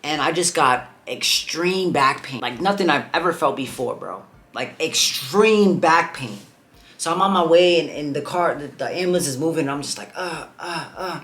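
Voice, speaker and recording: A young man tells a story to his vlog audience in a loose, rambling way, leaning on "like" and "bro" between phrases. His voice sits a little higher than most men's. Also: brisk, few pauses, bright, forceful tone. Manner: rambling, heavy on filler "like" and "bro". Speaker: vlogger.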